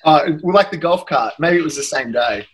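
A man's voice: a little high, animated, fairly quick, a little hiss or hum, low-quality recording. An Australian man, a guest actor, chatting casually in a rambling, self-deprecating way. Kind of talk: casual chat.

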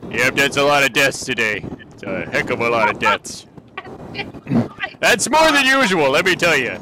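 A man's voice: medium pitch, very animated, moderate pace, background noise, close to an everyday voice. A man voicing a folksy, easily flustered male gas station clerk in a game role-play. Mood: weary.

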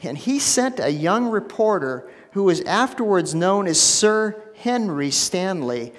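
A man preaching a sermon as pastor, emphatic, repeating phrases and dropping to a hushed low voice for stress. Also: very animated, unhurried, in a large hall. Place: church sanctuary.

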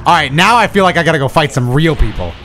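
A young man streaming a video game, talking to himself in excitable, profane commentary. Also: a little high, quick pace, a little hiss or hum. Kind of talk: casual gameplay commentary.

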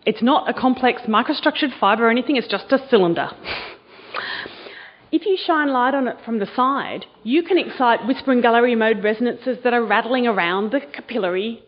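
Enthusiastic woman lecturer, higher voice. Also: a little fast, dull audio. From Australia. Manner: enthusiastic, quizzes the audience. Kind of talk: university lecture to students. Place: lecture hall.

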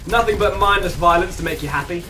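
A streamer giving excitable live commentary on a shooter game, yelping, swearing and laughing often. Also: mid-range voice, fast talker, recorded from a distance, soft background music.

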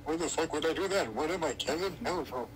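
A man's voice: fairly high pitch, fast talker, natural voice. A man voicing a grumpy, reluctant puppet character who swears and grumbles in a puppet comedy skit. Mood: grumbling. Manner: grumbling, profane. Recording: noisy hissy home recording.

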